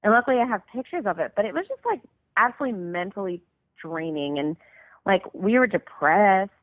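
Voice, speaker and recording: A woman's voice: mid-range voice, animated, a little fast, dry recording. Rambling woman on a tinny phone line. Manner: rambling, filler-heavy, lots of "like". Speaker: musician guest. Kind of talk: casual storytelling over the phone. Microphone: phone call.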